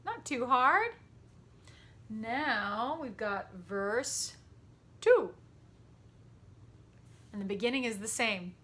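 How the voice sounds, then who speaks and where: A woman music teacher giving a warm, patient lesson to children from her home over a computer microphone, chatty and quick to laugh. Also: on the high side, expressive. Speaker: elementary school music teacher. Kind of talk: gentle, encouraging virtual lesson for children.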